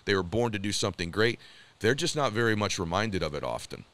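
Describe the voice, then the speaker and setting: A man's voice: lowish voice, expressive, quick pace, a bit bright. A man talking as an interview guest, telling stories in an emphatic, earnest way. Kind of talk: casual conversation.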